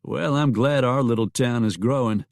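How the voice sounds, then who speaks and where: A man's voice: medium pitch, moderate pace, vocal fry, a little mellow, dry recording, clean studio sound, natural voice. A man voicing an easygoing gunfighter and husband in a Western audiobook.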